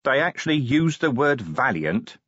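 A man voicing a gruff, weary middle-aged police commander who talks bluntly and grumpily in an audiobook. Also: mid-range voice, very animated, normal speed, a bit bright, no room sound, dull audio, voice pushed up. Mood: grumpy.

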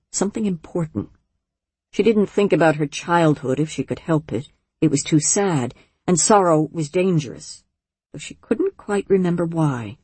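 Woman audiobook narrator, low breathy voice, calm measured storytelling, dry studio sound. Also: no room sound. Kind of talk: scripted narration.

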